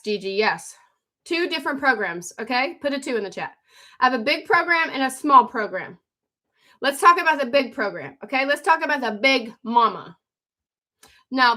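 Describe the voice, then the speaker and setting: A woman hosting a phone live stream, pitching her courses fast and urgently, repeating herself and calling out viewers by name. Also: sharp tone. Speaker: livestream host selling online courses.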